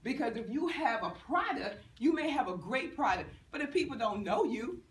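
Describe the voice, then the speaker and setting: A middle-aged woman from Virginia, a banker giving a lively motivational talk to students, often laughing and acting out what people said. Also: on the high side, moderate pace. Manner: lively, laughing, acts out quotes. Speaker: banker and guest speaker. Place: university lecture room. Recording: echoey room, distant mic, faint noise.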